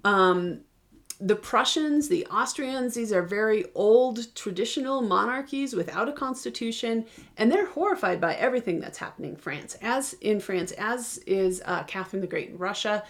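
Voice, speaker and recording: A woman's voice: mid-range voice, lively intonation, moderate pace. A woman giving a casual recorded history lecture, talking informally with many ums and restarts and asking her students questions. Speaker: history teacher.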